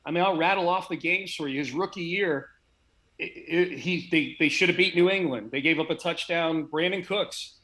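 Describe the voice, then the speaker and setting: A man's voice: on the high side, sharp tone. A man argues football in a loose, emphatic chat. He piles up examples and restarts his sentences as he pushes his point. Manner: fast, emphatic, restarts often. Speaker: guest sports radio host. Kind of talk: casual sports debate.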